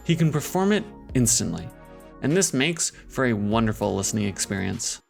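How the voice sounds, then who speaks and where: Measured male video-essay narrator. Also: medium pitch, very animated, gravelly, faint music behind. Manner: measured, analytical. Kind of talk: scripted narration.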